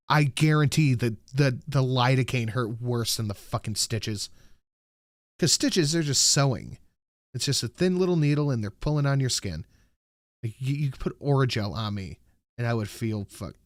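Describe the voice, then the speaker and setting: A male streamer talks casually and rambles through a story, swearing freely and breaking off to answer chat. His voice sits at an ordinary middle pitch. The sound is close and dry, with no room around it. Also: dry recording. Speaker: livestreamer.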